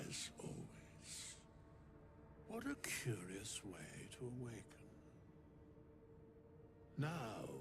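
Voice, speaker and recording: Ancient undead lord, video game; archaic, commanding, very slow, gravelly. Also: male voice, on the low side, exaggerated voice. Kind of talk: video game character dialogue.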